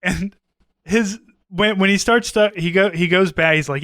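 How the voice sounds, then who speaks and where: Podcast guy rambling thru a story, bright clear voice, dry mic. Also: high-pitched, animated, normal speed, no echo. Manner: rambling, retells scenes with quoted voices, swears. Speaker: podcast co-host. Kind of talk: casual chat.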